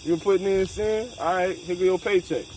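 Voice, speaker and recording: A man's voice: high voice, fairly even intonation, a little fast, darkish tone, a little hiss or hum, poor audio. A man leading a casual scripture discussion, emphatic and profane, mixing street slang with Bible reading. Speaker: scripture study leader.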